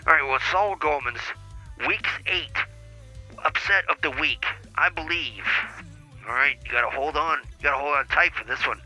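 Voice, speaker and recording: A man's voice: fairly high pitch, normal speed, pushed and bright, soft background music, poor audio. A man giving comedic football predictions with dramatic, hyped build-up. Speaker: sports picks caller.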